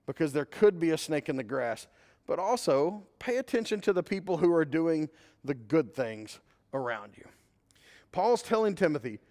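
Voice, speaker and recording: Blending a personal story with scripture, a man preaches in a conversational style from a church sanctuary. His voice is a little high and darkish in tone, and the sound carries a long hall reverb.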